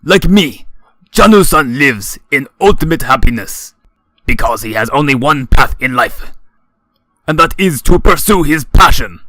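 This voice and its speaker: A man voicing a drunken, grandiose male sumo wrestler who booms in slurred, broken English. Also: expressive, a little slow, pauses often, bright, forceful tone, no echo, soft background music.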